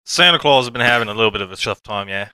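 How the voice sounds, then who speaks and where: A man on a comedy podcast playing a shady, evasive male lawyer for Santa, with a put-on Australian accent and a deadpan delivery. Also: lowish voice, racing, smooth, no echo.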